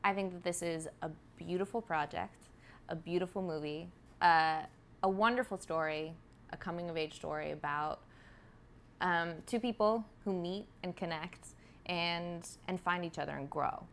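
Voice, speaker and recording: A woman's voice: lowish voice, moderate pace, a little hiss or hum. A woman, a stage-trained actress, chatting in an interview in a bubbly, enthusiastic way. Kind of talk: casual interview chat.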